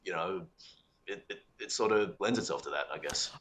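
Young Australian-accented man, podcast guest, lower pitch, bright tone, animated casual chat. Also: normal speed. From Singapore. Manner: animated, laughing storyteller.

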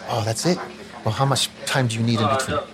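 A man's voice: medium pitch, quick pace, a crowd in the background, lightly acted. Man imitating a wheedling Filipino-accented recruiter. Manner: wheedling, flattering, repetitive. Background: music.

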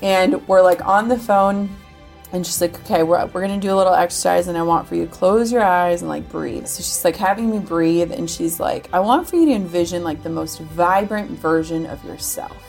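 A woman's voice: on the low side, a little fast, creaky, a little mellow, faint music behind. A woman from Minnesota, a guest on an interview podcast, chatting casually with frequent "like" fillers and acting out quoted conversations. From Minnesota, USA.

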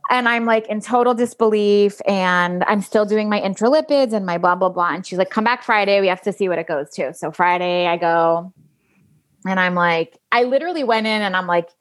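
Guest, woman, late 30s, candid storyteller who acts out the dialogue, mid-pitched. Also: fairly quick. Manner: animated, acts out quoted dialogue, swears casually.

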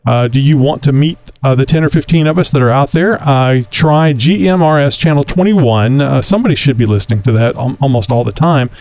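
A man's voice: medium pitch, brisk, hardly any pauses, a little mellow, dry recording. A man from Texas hosting a casual talk show, rambling with many fillers. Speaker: podcast host.

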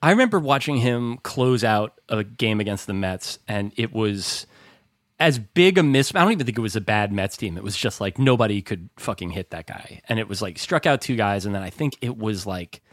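A man's voice: fairly low pitch, expressive, normal speed, dry recording, clean studio sound. A man co-hosting a podcast in casual chat, talking in a wry, rambling way and swearing casually. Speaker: podcast co-host.

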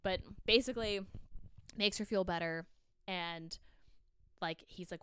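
A woman's voice: fairly low pitch, a little slow, pauses often, fairly bright tone, clean tone, dry recording. A woman co-hosting a book podcast, casually retelling a story with lots of muttered quoted dialogue and swearing. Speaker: podcast co-host.

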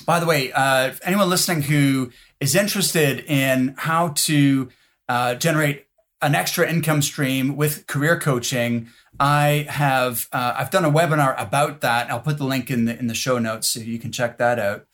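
A man hosting a podcast interview, speaking in a relaxed, hesitant way with pauses and fillers. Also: medium pitch. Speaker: podcast host.

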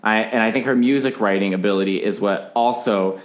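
A man's voice: on the low side, fairly quick. A man as a podcast guest in casual chat, animatedly explaining singing technique and breaking into sung examples.

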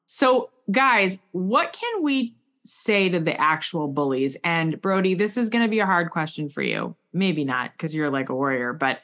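A woman interviewing a guest, telling a long personal story in a chatty, animated way with many asides. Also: on the low side, a little slow. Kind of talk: casual interview chat.

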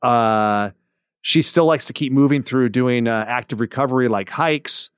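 A male podcast host reads a listener's letter in an easygoing, conversational way, dropping in wry jokes between sentences. His voice sits at an ordinary mid pitch and is recorded close and dry on a studio mic. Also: moderate pace, clean tone, no room sound. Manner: relaxed, joking asides while reading. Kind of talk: casual podcast chat, reading a listener letter aloud.

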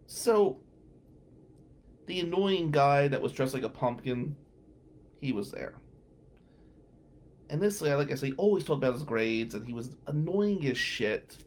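A man's voice: mid-range voice, animated, unhurried, long pauses, a little mellow. A middle-aged man hosting a radio show, telling a story casually, chatty and full of fillers.

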